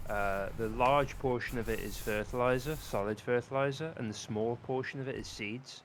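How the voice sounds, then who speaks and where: Low-voiced man explaining game mechanics. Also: slight background noise. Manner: explanatory, hesitant with fillers. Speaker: co-player. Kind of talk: casual gaming chat.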